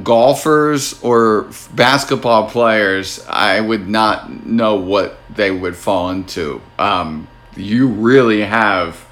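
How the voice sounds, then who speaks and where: Hosting an easygoing sports podcast, this New Jersey man keeps things wry and teasing. His voice sits on the low side and has a bit of brightness to it.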